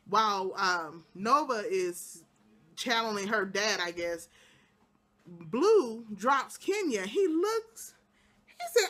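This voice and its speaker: Woman, bright voice, lively pitch, casual recap, storyteller. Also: slow. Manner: lively storytelling, acting out characters' quotes; breaks into laughter and exclamations. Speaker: TV show recap vlogger.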